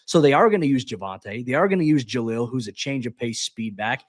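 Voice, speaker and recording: Fast-talking man breaking down football. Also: medium pitch, no echo, clean studio sound. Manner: rapid, animated, frequent stammered restarts. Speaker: guest podcast host. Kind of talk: casual sports analysis chat.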